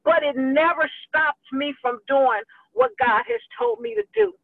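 A woman who leads a ministry gives a fervent, emotional online church address to her group, speaking in a folksy, direct way. Her voice is high and sing-song, unhurried, with vocal fry. The recording is dry and tinny, like a phone line.

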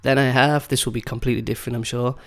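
A man hosting a podcast in casual chat, upbeat and curious, slowing down to spell things out for learners. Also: medium pitch, little pitch movement. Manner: upbeat, curious, slows down for learner-friendly phrasing. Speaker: podcast host.

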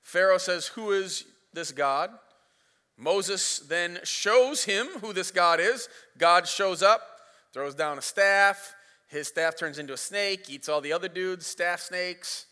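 A man's voice: high voice, slow pace, pushed and bright, clear, resonant tone. A man preaching a sermon as pastor, retelling the story in a casual, playful way. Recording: reverberant hall.

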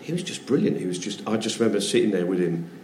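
Lively middle-aged male comedian. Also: on the low side, fast, reverberant, slight background noise. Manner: animated, swearing storyteller with restarts. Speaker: comedian guest. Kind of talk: casual chat with anecdotes.

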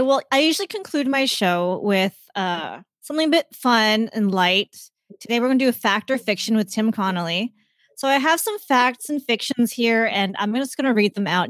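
Female podcast host, upbeat and chatty, fairly high voice, dry close mic. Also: no room sound. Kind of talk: casual interview chat.

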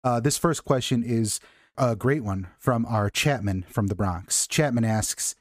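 Wisecracking mid-pitched male podcast host. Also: unhurried, no echo, studio quality. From Chicago. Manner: friendly, wisecracking. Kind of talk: casual sports chat.

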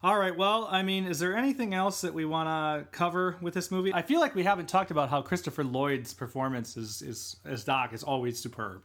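Male podcast co-host, higher than average, lively storyteller who acts out quotes. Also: brisk, hardly any pauses. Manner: animated, acts out characters in quotes. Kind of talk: casual movie chat.

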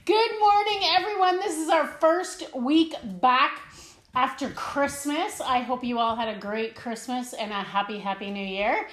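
A woman's voice: a little high, a little slow, a bit bright, roomy sound. A middle-aged woman hosting a casual devotional live stream from home, chatty and laughing, with many fillers. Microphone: camera at home, seated.

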